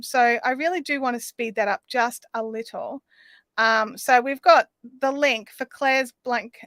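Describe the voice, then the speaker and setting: A woman's voice: sits high, sharp tone, no echo, studio quality. A woman hosting a casual live stream, rambling with lots of ums while answering chat comments. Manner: rambling with frequent ums and restarts. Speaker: livestream host.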